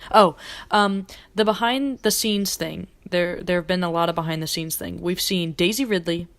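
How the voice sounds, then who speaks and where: A woman's voice: fairly low pitch, fairly even intonation, moderate pace, few pauses, no echo. A young woman hosting a pop-culture podcast, chatting casually and rambling with fillers. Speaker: podcast host.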